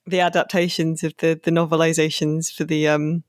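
A man hosting a relaxed conversation, recorded dry and close. He hesitates through fillers before landing dry, witty asides. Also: a little high, a little fast, dry recording. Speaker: podcast host. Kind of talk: casual chat.

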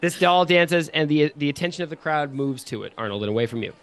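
A man's voice: on the high side, expressive, quick pace, a bit bright, faint music behind. A man running a tabletop game as game master, narrating scenes in a playful, easygoing way.

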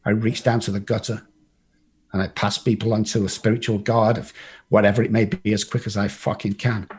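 A man's voice: fairly low pitch, little pitch movement, brisk, a little hiss or hum. A man from England, telling a personal recovery story to a group, blunt and profane, acting out the people in it. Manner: blunt and profane, acts out the voices in his story. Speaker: recovery speaker.

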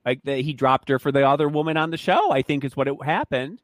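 A man's voice: a little high, dry recording. Male co-host, joking chatter, dry close sound. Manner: chatty, joking, quick asides. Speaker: podcast co-host. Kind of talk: casual chat.

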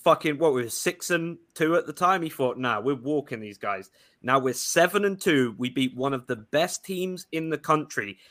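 Profane, ranting man with a bright voice. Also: fairly high pitch, normal speed, hardly any pauses. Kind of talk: casual chat.

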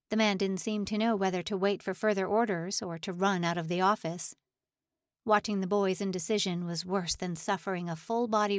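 A woman narrating an audiobook with steady, dramatic storytelling. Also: lowish voice, dry recording, studio quality. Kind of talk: scripted narration.

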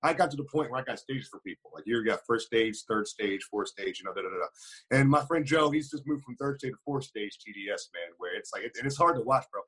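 A man's voice: mid-range voice, lively intonation, a bit bright, slightly rough. A man in casual political chat on a podcast, emphatic, peppering his talk with "man" and "bro". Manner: fast, emphatic, says "man" and "bro" a lot.

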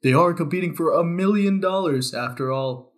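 A man plays a cheesy talent show host introducing contestants in an announcer manner. The voice sits a little higher than most men's, and the reading stays quick and plain. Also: natural voice. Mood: announcing.

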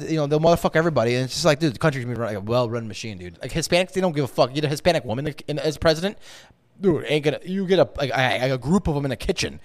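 A fast-talking man co-hosting a casual podcast, his voice sitting a little high and bouncing all over as he rambles. He swears freely and piles on the jokes. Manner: rapid, animated, profane rambling. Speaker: podcast co-host. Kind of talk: casual chat.

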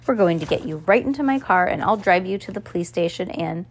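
A woman's voice: fairly low pitch, expressive, fast, a little hiss or hum. A woman reading aloud and voicing a pompous, coughing middle-aged male banker who scolds and sputters. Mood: scolding. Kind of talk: audiobook character voice.

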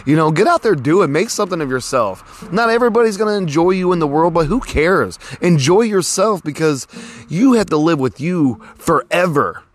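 A man's voice: a little high, animated, normal speed. A man in his forties hosting a podcast outdoors, talking in a rambling, folksy way full of "you know" fillers. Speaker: podcast host. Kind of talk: casual podcast monologue. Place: outdoors near a road.

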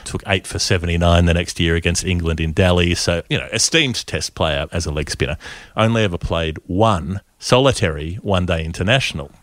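A man's voice: deep voice, fairly quick, a bit bright, no room sound. A man co-hosting a cricket podcast, chatty and rambling as he runs through stats, laughing often. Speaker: co-host, cricket stats presenter. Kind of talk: casual podcast chat.

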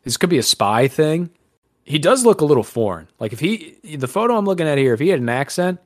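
A man's voice: fairly high pitch, big pitch swings, a little fast, dry recording, studio quality. A man hosting a podcast in casual chat, rambling and sarcastic, swearing casually. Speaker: podcast host.

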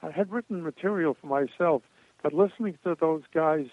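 A man's voice: fairly high pitch, a little fast, no room sound. Older man telling stories over a tinny line. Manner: rambling, chuckling raconteur. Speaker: guest. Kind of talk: anecdotal storytelling interview. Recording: tinny phone-like line, dry.

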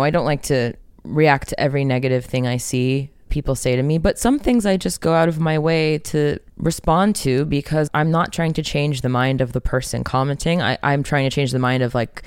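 A woman's voice: low voice, normal speed, smooth, dry recording, studio quality. A woman singer in a band, talking candidly and expressively in a casual interview and swearing freely.

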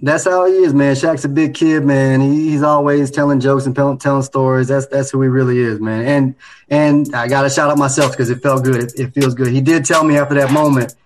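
Man, late thirties, podcast co-host, easygoing storyteller, medium pitch. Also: brisk, faint music behind, low-quality recording. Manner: laid-back, animated when telling a story. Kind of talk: casual storytelling chat.

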